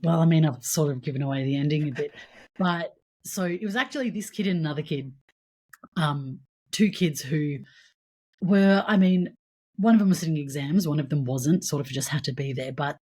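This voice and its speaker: A woman in her thirties with an Australian accent, telling a classroom story as a guest teacher in a lively, casual way. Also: low-pitched, normal speed, slightly rough. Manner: animated, swears casually.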